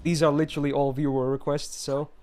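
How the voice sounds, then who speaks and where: A man's voice: a little high, flat delivery, fast, darkish tone, slight background noise. A man streaming a game live, ranting emphatically and answering his chat.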